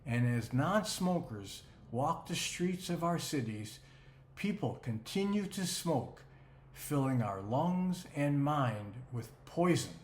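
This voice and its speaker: A man's voice: medium pitch, a little hiss or hum. A man giving an emphatic, rhetorical scripted narration. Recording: roomy echo.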